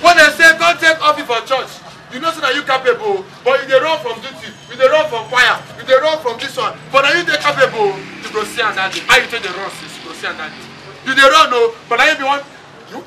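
A man's voice: extremely high pitch, fast, pushed and bright. A man with a Nigerian accent preaching a funeral sermon, mixing English and Pidgin, calling on the congregation to respond. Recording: distant mic with crowd and noise.

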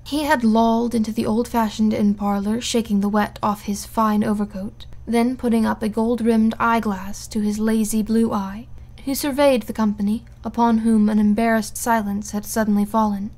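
A woman reading a classic novel aloud in a steady, even narration. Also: medium pitch, fairly quick. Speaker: audiobook reader.

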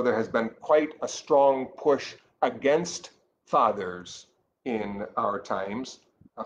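A man giving a catechesis lesson in an earnest, explanatory way, pausing and restarting often as he thinks aloud. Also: medium pitch, muffled recording, slight background noise. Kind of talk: catechesis teaching.

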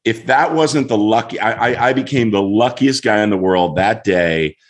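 A middle-aged man, a guest on a show, telling a story in an animated way and acting out voices as he goes. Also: fairly low pitch, normal speed. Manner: lively, acts out voices in his story.

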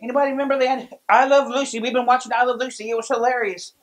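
A man preaching a sermon as pastor, telling stories with lively delivery and frequent restarts. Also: very high voice, very fast, rough recording. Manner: storytelling, lively, many restarts.

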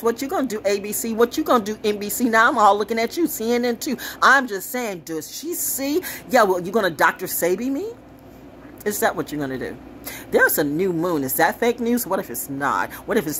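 A woman talking casually to camera in an animated, rambling way, profane and sassy, jumping from story to story. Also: mid-range voice, slight background noise. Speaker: commentator.

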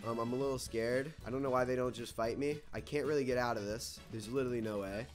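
A young man giving live commentary on a game, excitable, switching between nervous muttering and loud outbursts, saying "dude" and "bro" all the time. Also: medium pitch, fast, soft background music. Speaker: gaming YouTuber.

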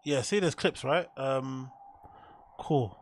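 A man's voice: mid-range voice, slow, a little hiss or hum. A man hosting a stream, giving blunt, profane reaction commentary on comedy clips and laughing often.

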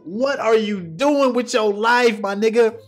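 A man hosting a reaction video, trash-talking in a profane, mocking, excitable way, his voice going hoarse. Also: high-pitched, a little slow, faint music behind. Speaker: YouTube reaction host. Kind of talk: casual reaction commentary.

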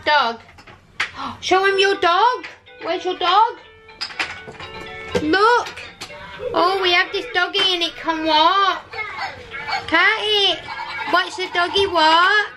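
A woman's voice: extremely high pitch, slow, pauses often, over music. A woman, a mother, talking in coaxing, giggly baby talk to her toddler in a small playroom crowded with toys. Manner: sing-song, coaxing, giggly.

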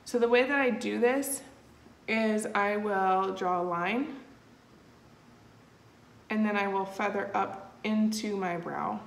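In an echoey room with faint background noise, a woman hosting a makeup tutorial takes it slowly, her mid-range voice carrying vocal fry. She pauses often and chats easily through the steps, with plenty of fillers.

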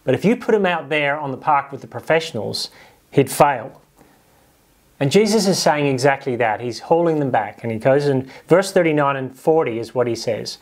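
A man's voice: mid-range voice, animated, normal speed. A man preaching a sermon in a conversational way, acting out quoted voices with humor. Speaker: pastor.

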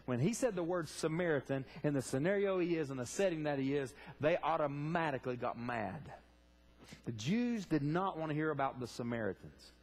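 A man's voice: on the high side, lively intonation, fairly quick. A man preaching a sermon in a church, fervently asking the congregation direct questions. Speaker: pastor. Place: church sanctuary.

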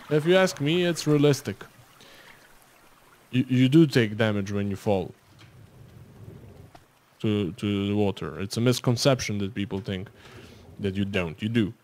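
A man's voice: lowish voice, expressive, unhurried, long pauses, a little mellow, slight background noise. A man commentating his gameplay, rambling and joking in asides to the viewer. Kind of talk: let's-play game commentary.

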